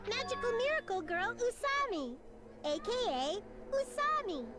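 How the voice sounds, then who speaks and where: Game mascot: a bubbly stuffed rabbit teacher, very high-pitched and lilting, over game music. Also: female voice, big pitch swings, normal speed. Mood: sweet. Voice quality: high, sugary cartoon voice. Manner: sweet and bubbly. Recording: game audio with music behind.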